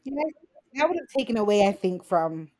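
A woman co-hosting a podcast recaps a TV episode's plot casually, playful and frank and laughing often. Her mid-range voice swings widely in pitch, runs a little fast, and sounds a little mellow.

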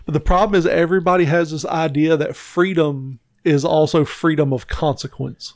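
A man's voice: on the high side, fairly even intonation, moderate pace, dry recording, clean studio sound. A man from the United States co-hosting a podcast, speaking bluntly and emphatically in casual chat. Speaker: podcast co-host.

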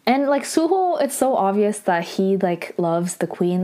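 A young woman talks through a drama episode in a loose, casual way, with "like" in nearly every sentence. Her voice sits at an ordinary middle pitch for a woman. Now and then she cuts into the story with excited outbursts. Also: measured pace. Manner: chatty, heavy use of "like", excited outbursts. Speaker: drama recap vlogger.

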